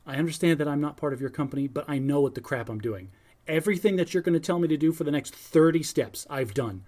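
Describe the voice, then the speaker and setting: A middle-aged man on a casual podcast, telling stories with lots of energy and acting out both sides of his phone calls. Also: fairly high pitch. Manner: animated storyteller, acts out phone calls. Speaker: podcast co-host. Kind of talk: casual chat.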